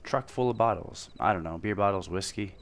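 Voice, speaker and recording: A man's voice: fairly low pitch, brisk, slight background noise, natural voice. A man voicing a folksy, chatty older male gas station owner with a put-on drawling country voice.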